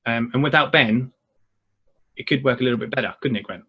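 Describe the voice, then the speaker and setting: A man's voice: mid-range voice, fast, creaky, husky, dull audio. A man co-hosting a casual chat show, rambling with lots of fillers. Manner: rambling, filler-heavy, lively intonation. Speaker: co-host.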